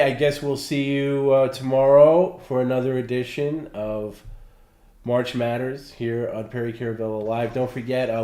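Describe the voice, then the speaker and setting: A man's voice: fairly low pitch, dark tone. A male co-host with a stuffy, nasal voice, wrapping up a live show in a rambling, wry way full of fillers. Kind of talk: casual sign-off chat. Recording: roomy echo.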